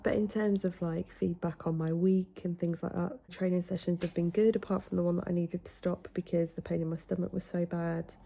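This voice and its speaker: A young woman from England chats to camera in a relaxed vlog. She is animated and talkative, retelling conversations and swearing freely as she goes. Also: lowish voice, fairly quick, vocal fry, hardly any pauses. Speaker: vlogger. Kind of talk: casual vlog chat.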